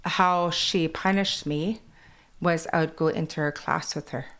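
Woman w a kwakwala accent in her english, chatty and animated, telling stories in an interview. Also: deep voice, unhurried. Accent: Kwakwala-influenced English. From British Columbia, Canada. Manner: chatty, animated, quotes others in put-on voices. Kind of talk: casual storytelling chat.

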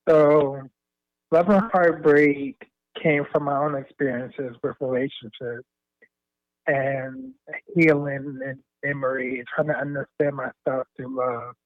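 A man, a spoken word poet, answering interview questions in a slow, earnest, reflective way. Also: medium pitch, steady tone, no room sound. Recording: tinny phone line.

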